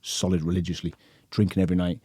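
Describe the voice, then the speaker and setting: A man in his thirties, a podcast guest telling stories in a rapid, animated way, acting out voices and swearing casually. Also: low-pitched, slightly rough, dry recording, studio quality.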